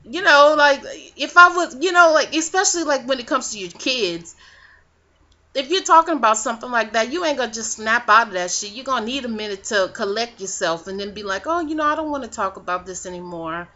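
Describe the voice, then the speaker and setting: A woman's voice: on the high side, brisk, pushed and bright. A woman vlogging a casual recap of a reality show, sassy and profane in her gossip. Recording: dull lo-fi webcam audio.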